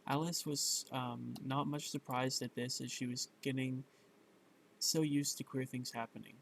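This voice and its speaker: A man's voice: mid-range voice, steady tone, measured pace, gravelly, a little hiss or hum, low-quality recording. A man reading a bedtime story aloud, stumbling over words and correcting himself, with fillers along the way.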